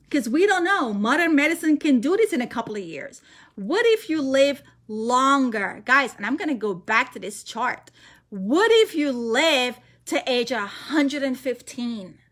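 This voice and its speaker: A high-pitched woman delivers an energetic, emphatic sales presentation as a financial presenter, hammering home her key points to the audience through repetition.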